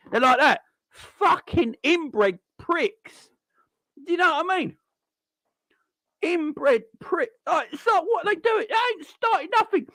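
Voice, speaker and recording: On his football channel, a man mocks online fans in a sweary, angry rant, mimicking people as he goes. His very high-pitched voice is animated, pushed, and bright, though he speaks slowly, and the recording is dry.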